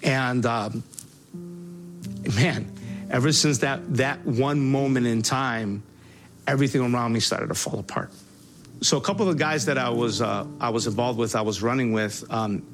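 Earnest man telling his life story. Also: mid-range voice. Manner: halting and earnest, with many restarts and fillers; voice rises sharply when reliving angry moments. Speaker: person giving a personal testimony. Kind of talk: spoken personal testimony.

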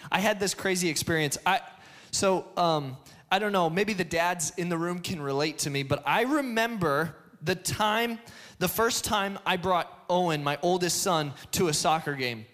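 Pastor, man in his thirties, high bright voice, lively storytelling sermon with bursts of shouting. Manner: animated storytelling, restarts, shouts in excitement. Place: church hall before a congregation.

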